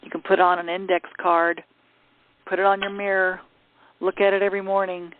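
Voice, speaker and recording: A man leading a group call, reading out affirmations in a slow, deliberate way and inviting people to share. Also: sits high, flat delivery, a little hiss or hum. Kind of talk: guided affirmations and coaching. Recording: tinny phone line.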